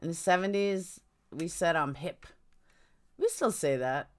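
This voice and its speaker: Middle-aged woman, New York accent, livestream host, low voice, swoops a lot, blunt and chatty. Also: big pitch swings, moderate pace. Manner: chatty, blunt, jumps between topics. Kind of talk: casual livestream chat. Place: home, indoors.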